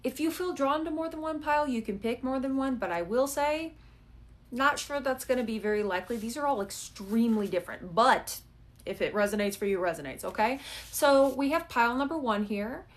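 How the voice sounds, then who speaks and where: A woman's voice: on the high side, lively intonation, brisk. A woman giving a casual pick-a-card tarot reading. She talks in a chatty way, keeps checking in with "okay?" and swears casually. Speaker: tarot reader.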